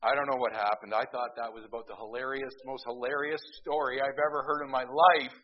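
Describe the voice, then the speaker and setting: A man's voice: mid-range voice, fairly even intonation, fairly quick. A man preaching a sermon as pastor, calling out to the congregation for an amen between points. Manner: calls out "amen?" to the congregation, emphatic rises. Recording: dull lo-fi recording.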